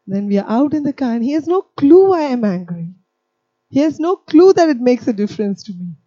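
A woman's voice: high voice, fairly quick, dry recording, muffled recording. A woman preaching a sermon, telling stories with humour and acting out scenes. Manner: animated, humorous storytelling, acting out scenes.

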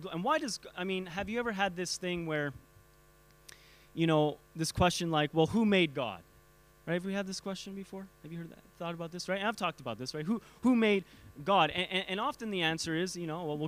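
A man's voice: high voice, a bit bright, clear, resonant tone. A man teaching a church group in a casual talk, often stumbling over and repeating words while quizzing his listeners. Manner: halting, repeats words, asks the audience questions.

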